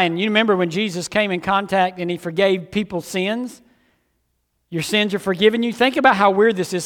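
A man preaching a sermon, swinging between emphatic outbursts and hushed, low passages. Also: big-room sound.

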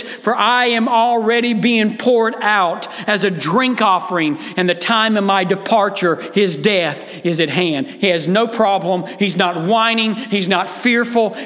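A man's voice: high-pitched, fairly bright tone, long reverb tail. A man preaching a sermon as pastor, earnest and emphatic, appealing directly to his listeners.

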